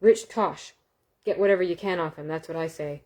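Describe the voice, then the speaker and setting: A woman voicing a rough-spoken male wagon carter who haggles bluntly and grudgingly, read aloud from a storybook. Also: on the low side, moderate pace, darkish tone, lightly acted. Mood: grudging haggling. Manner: gruff, grudging, slangy.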